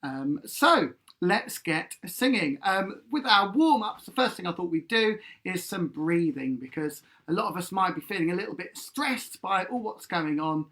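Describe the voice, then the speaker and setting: Chatty man leading warm-ups. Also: high voice, animated, normal speed. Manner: chatty and playful, with fillers. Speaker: musical theatre singing leader. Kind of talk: live-streamed singing warm-up lesson. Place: home living room, seated on a sofa.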